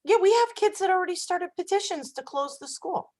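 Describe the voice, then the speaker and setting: Animated high-voiced woman co-hosting a chat. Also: fairly quick, rough recording. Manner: animated, gossipy, laughs often. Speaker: co-host. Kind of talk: casual chat show. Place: web talk show.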